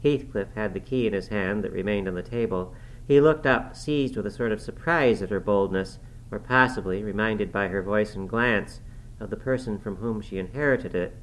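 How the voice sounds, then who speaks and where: A man reading a classic novel aloud in a measured, formal narrating manner. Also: on the low side, poor audio. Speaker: audiobook narrator.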